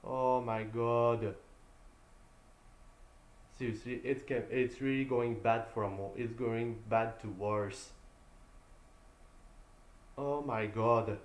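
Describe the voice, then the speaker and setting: In casual live-stream chat, a man playing a video game vents to viewers, sighing in exasperation and saying things over again. His medium-pitched voice stays fairly even, moving slowly with frequent pauses, and the room echoes.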